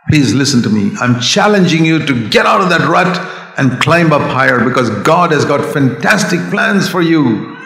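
A man's voice: on the high side, a bit bright. An older man from India preaching an earnest sermon, often rising to an emphatic, raised voice. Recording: echoey hall sound.

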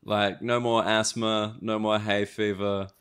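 A man's voice: lowish voice, little pitch movement, unhurried, a bit bright, clean tone, no room sound, studio quality. A young Australian man hosting a comedy podcast, chatting casually with jokey, rambling asides. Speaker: podcast host. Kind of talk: casual chat.

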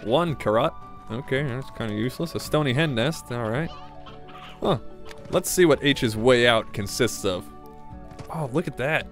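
A man giving casual, self-mocking commentary while playing a video game, reacting excitedly to each new find. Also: mid-range voice, normal speed, pauses often, soft background music. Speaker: gaming video host.

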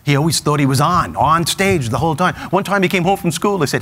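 A middle-aged man, a comedian telling a stand-up story and acting out the quotes with animated energy. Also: a little high, fast talker, a little hiss or hum. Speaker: comedian and motivational speaker.

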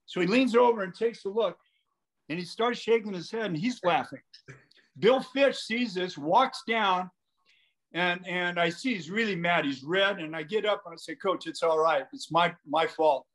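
A man's voice: high-pitched, normal speed, fairly bright tone. An older man, a basketball coach and guest, telling anecdotes casually over a call and acting out the quotes in his stories.

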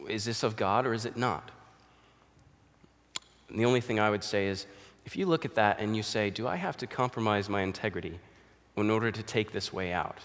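A man's voice: lowish voice, fairly bright tone. A man preaching a sermon, explaining scripture and now and then acting out the quoted voices. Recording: long hall reverb.

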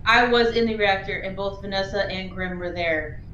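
A woman's voice: mid-range voice, normal speed, fairly bright tone, dull audio, a little hiss or hum. A woman in casual gaming voice chat, chatty and amused as she explains what she saw.

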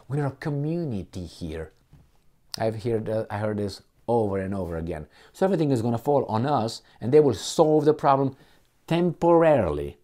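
A man giving a rambling political rant, hunting for words and turning heated when indignant. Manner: heated, gets louder and higher when indignant; halting, hunts for words and restarts.

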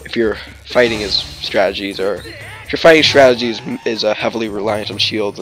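A man's voice: lowish voice, fairly bright tone. A man narrating his gameplay in a casual, rambling way, full of "like" and restarts, with jokes and snatches of song. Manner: jokey, breaks into snatches of song and silly voices. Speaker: let's play host.

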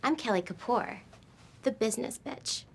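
A woman's voice: fairly high pitch, expressive, normal speed, creaky, husky, exaggerated voice. An actress playing a bubbly, gossipy, self-absorbed young office woman in a sitcom, talking in chirpy, breathless chatter. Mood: self-promoting. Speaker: office customer service rep. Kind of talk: sitcom acting.

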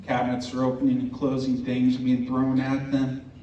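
A man telling a true ghost story to an audience in an earnest, unhurried way, with religious language. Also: mid-range voice, completely flat delivery, dark tone, slight background noise. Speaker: host telling a personal story. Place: indoor event room. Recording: roomy, distant, dull recording with faint ambience.

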